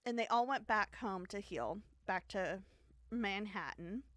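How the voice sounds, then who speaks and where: A woman's voice: mid-range voice, expressive, unhurried, fairly bright tone, no echo, studio quality. A woman hosting a podcast, telling a story in a casual, rambling way, with many fillers and giggles.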